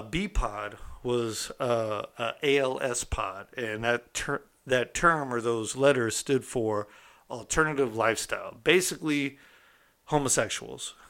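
In a mid-range, slightly bright voice, a man recounts something from his past in casual first-person storytelling. His style is streetwise and conversational, and he frequently checks in with whoever's listening.

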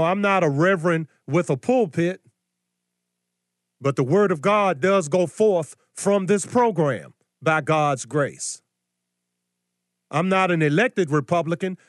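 Middle-aged male host, higher-pitched, combative preachy commentary, dry close recording. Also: measured pace, dry recording. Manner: combative, scolding, rhetorical questions.

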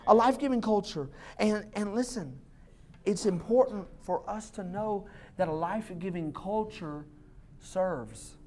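A man's voice: sits high, slow pace, warm tone, slight background noise. A man, a lead pastor preaching a sermon in a church, in a loose conversational style, slipping into quoted voices now and then. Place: church sanctuary.

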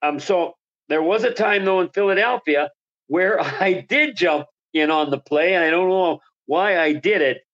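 A man's voice: high voice, normal speed, fairly bright tone, lo-fi sound. A man who was a hockey color analyst, telling a long story as an interview guest, enthusiastic and rambling with restarts.

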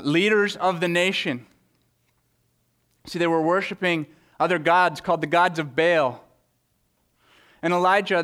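Earnest male preacher, smooth voice. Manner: earnest preaching with frequent word repetitions; reads scripture aloud with dramatic swings in pitch and loudness. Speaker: pastor. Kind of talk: sermon.

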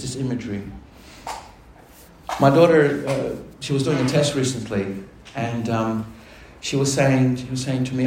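A man preaching a sermon as pastor, animated and putting questions to the congregation. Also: medium pitch, a little hiss or hum. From Australia. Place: church. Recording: echoey church hall with faint ambience.

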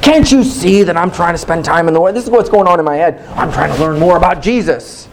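Animated man preaching a sermon. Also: a little high, fairly quick, slight background noise, low-quality recording. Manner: animated, acts out his own past dialogue; candid, self-mocking. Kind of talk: sermon storytelling.

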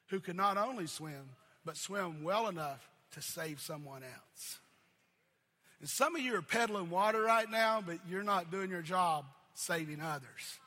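A man preaching a sermon as pastor, building repeated phrases up to shouts and then dropping to a low, quiet delivery. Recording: long reverb of a large hall.

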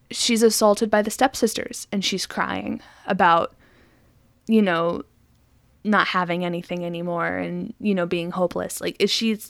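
A woman co-hosting a film podcast, retelling scenes in an animated, chatty way with lots of fillers. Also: mid-range voice, creaky, no room sound, studio quality. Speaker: podcast co-host. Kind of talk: casual film discussion.

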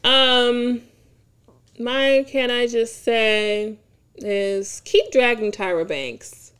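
A woman co-hosting a podcast, chatting casually and candidly with frequent profanity and animated retellings. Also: on the high side, very slow, clean tone. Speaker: podcast co-host. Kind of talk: casual chat.

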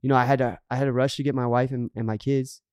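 Fast-talking earnest man telling a story. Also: medium pitch, clean tone, no echo, clean studio sound. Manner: earnest, animated storytelling with acted-out quotes. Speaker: podcast co-host. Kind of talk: casual storytelling chat.

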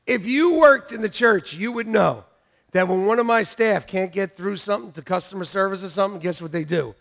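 A middle-aged man preaching a sermon as pastor, animated, breaking into shouted bursts and laughing asides. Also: sits high, fairly quick, creaky.

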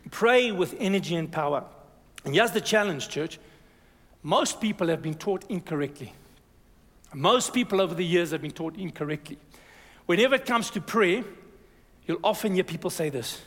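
A man preaching a sermon as a pastor, energetic and exhorting, calling "amen" to the congregation. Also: sits high, normal speed, pauses often. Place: church hall. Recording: reverberant church hall.

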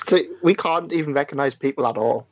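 A man co-hosting a casual podcast, chatting in quick banter. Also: medium pitch, no echo, poor audio. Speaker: podcast co-host. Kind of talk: casual chat.

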